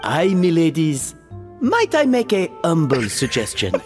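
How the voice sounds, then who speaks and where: An actor playing a flamboyant French restaurant host with a thick French accent, theatrical and grandiose, in game audio with long reverb. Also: male voice, a little high, wildly swooping pitch, a little slow, soft background music.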